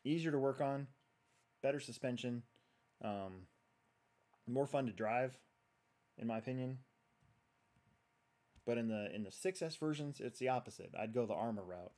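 Working on a build during a laid-back livestream, the host chats loosely and reads out comments from viewers in a rambling way. He speaks at medium pitch and a moderate pace, animated and a little mellow, pausing often.

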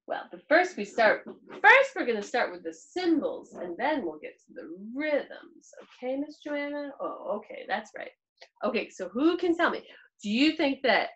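High, lively-voiced woman teaching preschoolers. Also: a little slow, highs cut off. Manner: sing-song, playfully exaggerated questions. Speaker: pre-K piano teacher. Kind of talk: virtual music class for young children.

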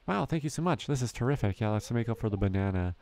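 A man's voice: lowish voice, expressive, fast, a little mellow. A man reading the lines of a cheerful little boy from a farming game. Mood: delighted. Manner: reads game dialogue aloud.

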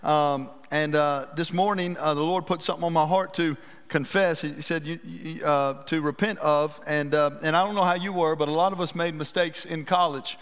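Pastor, male. High voice, folksy and animated sermon storytelling, reverberant church hall. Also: normal speed, clean tone. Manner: folksy, animated storytelling with self-deprecating humor. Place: church sanctuary.

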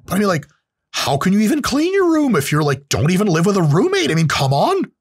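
A man's voice: sits high, wildly swooping pitch, a little fast, husky, voice pushed up, exaggerated voice. A man doing an impression of a stern, scolding older male psychologist who lectures mockingly.

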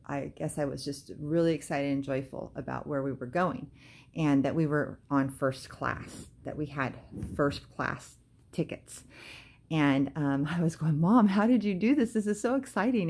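A woman's voice: low voice, flat delivery, a little slow, creaky, a little mellow. A woman telling a devotional story to camera in a casual, hesitant way, with many fillers and bursts of praise. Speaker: Christian vlogger.

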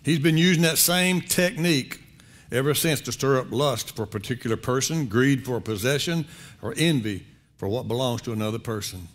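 A man's voice: mid-range voice, lively intonation, a little fast. A male pastor preaching a sermon in a conversational, folksy way, repeating phrases for emphasis.

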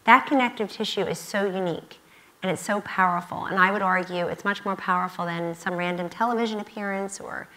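A woman's voice: medium pitch, brisk, bright, forceful tone, low-quality recording. A woman in her fifties speaking on stage at a student conference, emphatic and repeating key phrases. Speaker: guest speaker. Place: university event stage.

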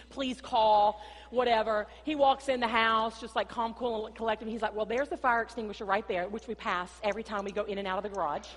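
A woman pastor, preaching a sermon in an animated storytelling way and often calling the congregation "y'all". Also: a little high. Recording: long hall reverb.

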